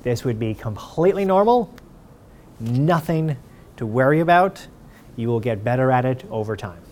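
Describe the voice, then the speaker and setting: A man, a university patent counsel, giving a clear and methodical lecture, reading passages aloud and asking the audience rhetorical questions. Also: medium pitch, lively intonation, normal speed, a little mellow, slight background noise.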